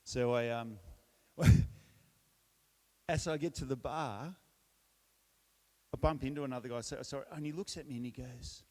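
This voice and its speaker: Middle-aged Australian man, mid-range voice, relaxed self-deprecating testimony for a church sermon. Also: mid-range voice, measured pace, long pauses. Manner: relaxed storytelling with self-deprecating humor and frequent restarts. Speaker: church speaker.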